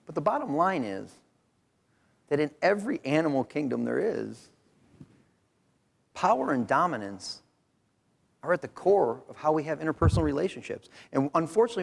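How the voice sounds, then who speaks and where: Man, middle-aged, joking conference talk, lively pitch, reverberant hall. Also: gravelly. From Rochester, New York. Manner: joking, animated, conversational lecturing. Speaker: professor presenting research.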